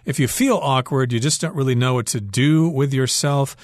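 A man explains English phrases in a calm, patient teaching voice, walking through examples one by one. His voice sits at an ordinary middle pitch. The studio sound is dry and close. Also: normal speed, no echo. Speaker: English teacher on a radio lesson. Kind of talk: explaining dialogue and vocabulary.

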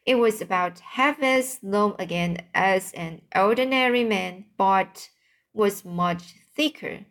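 Slow woman reading a storybook aloud. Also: mid-range voice, a bit bright. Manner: halting, stumbles on unfamiliar words, adds asides. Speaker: reader. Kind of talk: reading a children's book aloud.

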